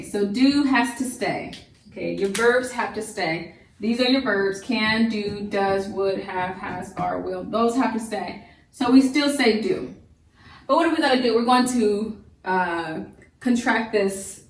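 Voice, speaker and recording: A woman's voice: mid-range voice, a little slow, slight background noise. A woman homeschool teacher giving a recorded grammar lesson, chatty and repetitive, often restarting her sentences. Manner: chatty, repeats and restarts, many fillers. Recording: roomy echo, voice from a distance.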